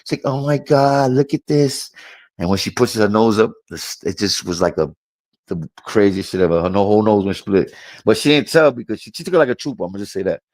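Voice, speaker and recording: Dude talking super fast, swearing, hyped storytelling, dry mic. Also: male voice, on the low side, no room sound. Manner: rapid, animated, profane storytelling. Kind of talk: casual storytelling on a live panel stream.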